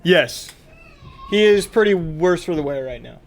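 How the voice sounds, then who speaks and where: A man's voice: a little high, animated, a little slow. A man running a tabletop game as game master, laid-back and joking.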